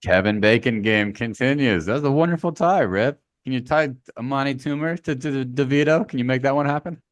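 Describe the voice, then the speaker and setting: A man's voice: medium pitch, brisk, no room sound. Loose, riffing podcast co-host man. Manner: loose, animated riffing with slang and swearing. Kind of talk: casual chat.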